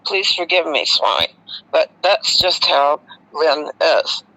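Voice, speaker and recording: An American woman, a radio host, recounting a personal experience to her listeners in an expressive, animated way. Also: deep voice, slow, vocal fry, dull audio. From United States. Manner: expressive, animated retelling with emotional swings.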